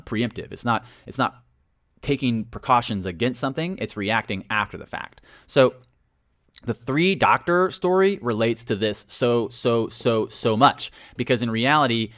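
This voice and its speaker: A man's voice: medium pitch, a bit bright, no echo, clean studio sound. A man hosting a casual livestream, animatedly greeting viewers by name and telling stories. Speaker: livestream host.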